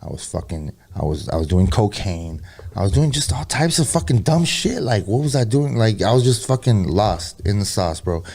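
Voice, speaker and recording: A man telling a personal story in a rambling, profane way, full of slang asides, who drops low and quiet for the eerie parts. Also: sing-song, moderate pace, vocal fry. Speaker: podcast guest, rapper. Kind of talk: casual storytelling interview.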